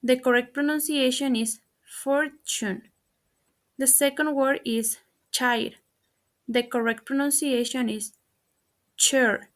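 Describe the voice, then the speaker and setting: High-voiced woman reciting formally. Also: steady tone, normal speed, few pauses. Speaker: student presenter. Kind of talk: pronunciation presentation.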